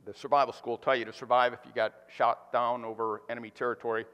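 A male pastor preaching a sermon, animated, swinging from loud emphatic bursts to quiet, hushed points. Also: mid-range voice, quick pace, muffled recording. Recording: reverberant hall.

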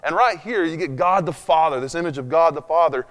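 A man's voice: on the high side, a little fast, fairly bright tone. Man preaching in an echoey church hall. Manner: conversational, sarcastic asides, many fillers. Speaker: pastor. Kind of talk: sermon. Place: church hall with long reverb.

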